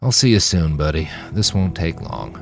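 A man doing a deadpan laid-back cyborg. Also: low voice, normal speed, gravelly, over music, full character voice.

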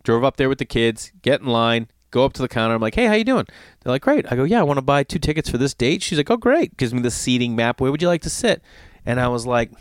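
Speaking fast in a smooth, mid-range voice, this middle-aged Los Angeles-area man profanely retells an exasperating story in a casual monologue, voicing both sides of the exchange with animation. The studio recording has no echo.

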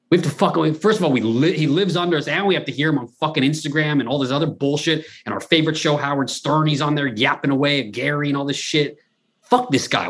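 Podcast co-host, male, slightly rough voice, chatty, restless, swears freely. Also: on the high side. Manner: rambling, animated, lots of restarts and profanity. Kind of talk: casual podcast banter.

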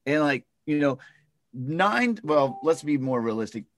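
A man's voice: on the high side, big pitch swings, measured pace. A man working as a real estate agent, talking loosely in a casual podcast chat, full of fillers and restarts.

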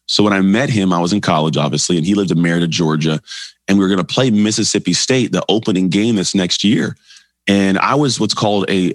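A man in his forties, a guest on an interview podcast, telling his life story in an animated way and acting out quoted dialogue. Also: deep voice, no room sound.

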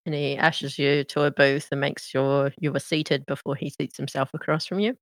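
A woman's voice: deep voice, normal speed, no echo. Woman narrating as game master, dry sound. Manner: relaxed descriptive narration.

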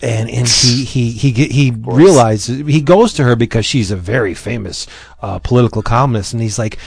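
A man with a creaky, husky, medium-pitched voice talks at normal speed. He's a podcast host casually recounting a comic, acting out the dialogue as an animated storyteller with plenty of fillers.

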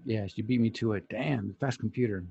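A man's voice: fairly low pitch, brisk, gravelly, dark tone, husky, dull audio. A middle-aged man chatting casually as a podcast co-host, telling stories animatedly, putting on voices and swearing casually. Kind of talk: casual chat.

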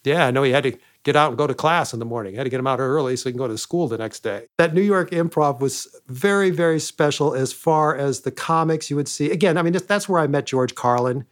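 A man who once managed a comedy club, telling animated backstage stories and acting out what people said. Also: mid-range voice, fast, few pauses. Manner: animated anecdotes, acting out quoted lines. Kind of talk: storytelling interview guest.

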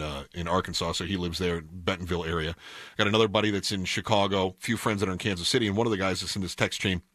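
A man's voice: fairly low pitch, pushed and bright, no echo. A man hosting a talk radio show, chatting wryly in a conversational monologue from the studio mic. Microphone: studio microphone.

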